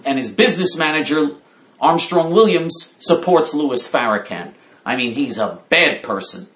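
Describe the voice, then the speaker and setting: A man's voice: mid-range voice, fairly bright tone. Indignant man ranting in an echoey room. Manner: indignant, emphatic, repeats himself. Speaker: political commentator. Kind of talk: opinionated political commentary.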